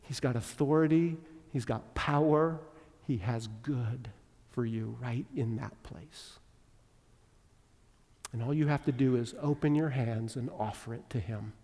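Pastor preaching in a reverberant hall. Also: male voice, medium pitch, a little slow. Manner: swings from loud emphatic preaching to quiet intimate prayer. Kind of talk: sermon. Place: church sanctuary. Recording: long reverb of a large hall.

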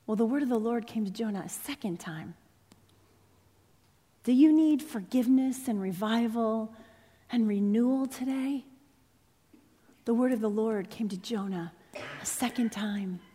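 A woman's voice: a little high, unhurried, pauses often, dark tone, slightly rough. A woman preacher delivering an impassioned, dramatic sermon in a church sanctuary. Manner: impassioned, dramatic, rising and falling intensity. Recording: long reverb in a large hall.

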